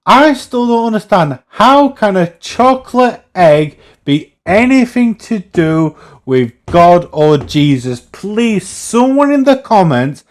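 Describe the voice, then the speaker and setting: A man's voice: high-pitched, sing-song, takes it slowly, hardly any pauses. A man, co-hosting a casual podcast chat, blunt, sweary and incredulous. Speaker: podcast co-host.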